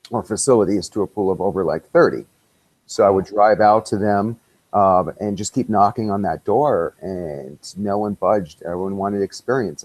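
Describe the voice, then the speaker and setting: Podcast guest, middle-aged man, lowish pitch, animated storyteller who quotes dialogue and laughs a lot. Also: rough recording. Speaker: podcast guest, visual effects artist. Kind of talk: casual storytelling interview.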